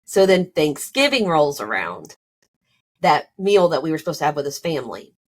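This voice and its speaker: A woman's voice: low-pitched, sing-song, normal speed, husky. A woman in her thirties telling a personal story in a casual, emotional, rambling way, with many fillers and restarts.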